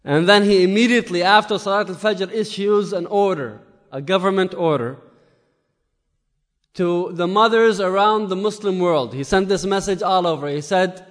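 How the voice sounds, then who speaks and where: A man telling a story as a sermon, animated and full of rhetorical questions. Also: sits high, normal speed. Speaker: preacher. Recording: echoey hall with long reverb.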